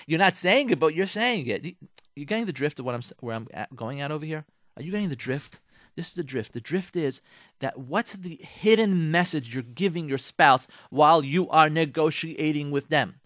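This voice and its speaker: A rabbi giving marriage advice on the radio, animated and acting out spouses in mock voices. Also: male voice, fairly high pitch, normal speed, dry recording, studio quality. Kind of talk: radio talk, advice monologue.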